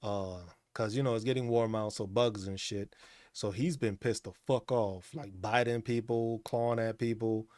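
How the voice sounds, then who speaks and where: A man's voice: lowish voice, fairly even intonation, moderate pace, a little mellow, no echo, clean studio sound. A man hosting a casual chat stream, talking in a laid-back, profane way and laughing often. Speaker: streamer host.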